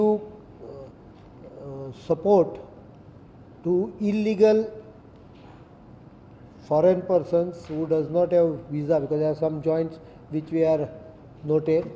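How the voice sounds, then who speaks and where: A middle-aged man with an Indian English accent gives a firm, deliberate press statement as chief minister, reading out legal sections one by one. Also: a little high, warm tone. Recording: echoey room, faint background noise.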